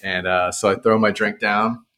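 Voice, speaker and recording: Young man with a very low voice, laid-back storyteller with dry humor. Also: little pitch movement, moderate pace, sharp tone. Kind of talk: casual storytelling.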